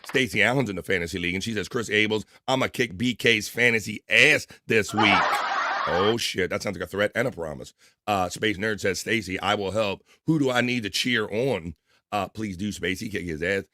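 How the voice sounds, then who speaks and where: A man hosting a live stream, casually reading viewer comments aloud and giving shout-outs while talking through his allergies. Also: lowish voice, moderate pace, background noise. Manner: casual, rambling, reads chat names aloud with shout-outs. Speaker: livestream show host.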